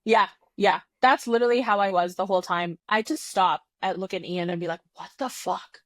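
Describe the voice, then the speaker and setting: Woman, podcast co-host, casual chat, animated, exasperated, dry sound. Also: medium pitch, fairly quick, dry recording.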